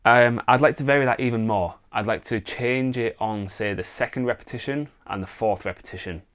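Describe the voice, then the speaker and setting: A man teaching songwriting in a relaxed, casual way, thinking aloud and demonstrating on guitar. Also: medium pitch, a little fast. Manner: relaxed, thinks aloud with fillers, sings wordless vocal lines. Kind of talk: casual instructional talk with guitar demos. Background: acoustic guitar playing.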